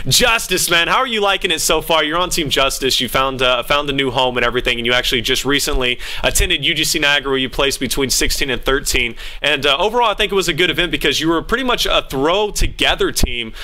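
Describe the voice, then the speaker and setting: A man's voice: on the high side, lively intonation, fast talker, few pauses, pushed and bright. A man hosting an esports interview in an upbeat, eager, hype-style delivery. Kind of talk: casual hosted interview.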